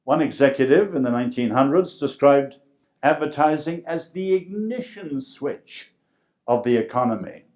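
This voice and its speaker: A man with an English accent giving a public lecture, emphatic and full of dramatic pauses. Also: mid-range voice, lively intonation, a little mellow.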